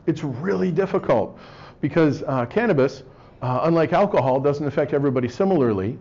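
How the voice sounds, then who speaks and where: A man giving a wry, joking lecture to a live audience, often clearing his throat. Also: a little high, lively intonation, brisk, a little mellow. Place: room with an audience. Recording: slightly dull lo-fi recording.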